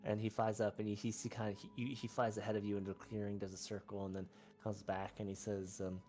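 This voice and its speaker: A man's voice: lowish voice, level tone, fast talker, a little mellow, faint music behind. A man as dungeon master running a tabletop game, laughing at himself and making self-mocking asides.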